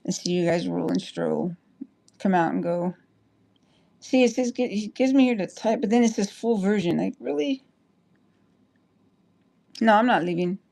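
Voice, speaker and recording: A woman's voice: medium pitch, creaky, warm tone. Woman on a live stream, rambly and sorry, keeps restarting her sentences. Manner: rambling, apologetic, halting with many restarts. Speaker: livestreamer. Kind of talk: casual livestream chat.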